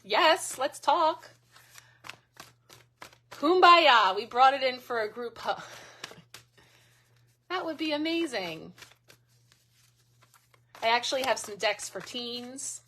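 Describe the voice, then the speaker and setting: A woman's voice: high voice, expressive, slow pace, long pauses, bright, forceful tone, slight background noise. A middle-aged woman hosting a live card reading, chatting casually and thanking viewers by name. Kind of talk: casual live-stream chat.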